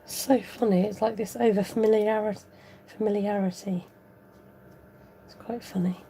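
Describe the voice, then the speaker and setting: A woman's voice: medium pitch, fairly even intonation, normal speed, creaky, dark tone, a little hiss or hum. A woman chatting casually and giggling as she demonstrates a papercraft tutorial at home. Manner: chatty, giggly, talks while working. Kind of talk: casual crafting tutorial chat.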